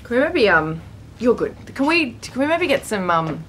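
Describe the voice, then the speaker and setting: A woman with an Australian accent giving a relaxed, casual singing lesson in a comedy sketch. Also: on the high side, normal speed, a little hiss or hum.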